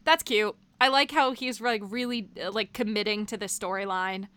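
A woman's voice: medium pitch, normal speed, a bit bright, clean tone. A young woman co-hosting a casual movie discussion, chatty and laughing often. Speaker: podcast co-host.

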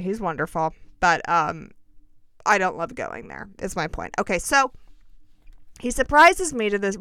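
A woman rambling through a personal story in a chatty, self-mocking way, tossing in dramatic asides. Her voice is smooth and clear, sits at a middle pitch, and is recorded close and dry with no room sound. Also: fairly bright tone, no echo. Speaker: vlogger telling a personal story. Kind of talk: casual storytelling chat.

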